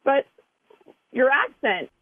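A woman's voice: sits high, huge pitch swings, takes it slowly, no room sound, narrow, tinny audio. Chatty woman on morning radio. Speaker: guest, office coworker. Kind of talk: radio chat.

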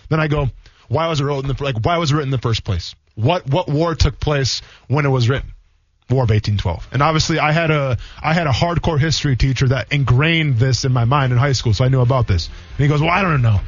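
Fast-talking former football player on radio. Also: male voice, fairly high pitch. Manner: fast, rambling storytelling with many fillers. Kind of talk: casual sports radio talk. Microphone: studio microphone. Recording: dull, dry radio studio sound.

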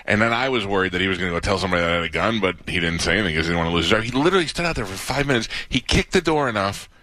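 A man hosting a radio talk show, telling stories in a casual, animated way. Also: deep voice, racing, no echo. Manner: storytelling, animated quotes.

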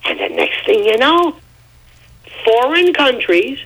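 A man on a radio talk show giving his opinions in an emphatic, rambling, animated way. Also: very high voice, takes it slowly, slight background noise, poor audio. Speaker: radio commentator.

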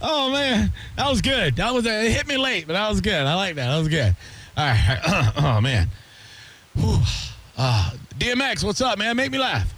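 A man hosting a radio game show, exclaiming loudly and laughing often. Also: sits high, big pitch swings, moderate pace.

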